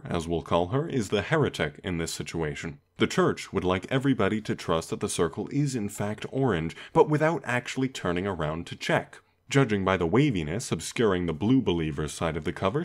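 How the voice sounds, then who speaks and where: A man hosting a comedic video, narrating a script in a deadpan, dry, sarcastic way. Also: on the low side. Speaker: video essay host.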